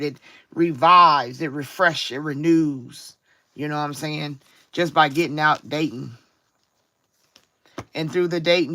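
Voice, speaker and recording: A woman with a low, fairly bright voice gives a live-streamed spiritual tarot reading with no room sound. She speaks reflectively, drawing out key words and often checking in with listeners by saying "you know what I'm saying".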